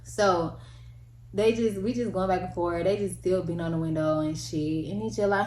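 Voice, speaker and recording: A young woman telling a casual storytime, slangy and animated, acting out the people in it with big jumps in pitch. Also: moderate pace. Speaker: vlogger. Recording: echoey room with faint ambience.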